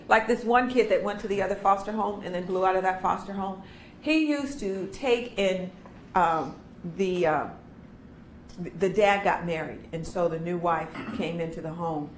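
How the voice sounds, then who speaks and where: A woman leading a training workshop who talks through her stories and acts out the children's voices as she goes. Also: lowish voice. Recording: echoey room with faint noise.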